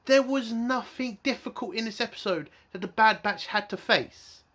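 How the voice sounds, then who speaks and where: A man's voice: extremely high pitch, moderate pace, sharp tone. Man, TV review rant, exasperated, swears a lot, punchy rhetorical questions.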